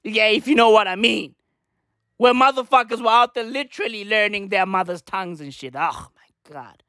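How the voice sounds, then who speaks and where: A woman's voice: mid-range voice, a little fast, a bit bright, no echo, clean studio sound. A woman delivering a profane, sarcastic comic rant as a vlogger. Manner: profane, sarcastic, exasperated ranting.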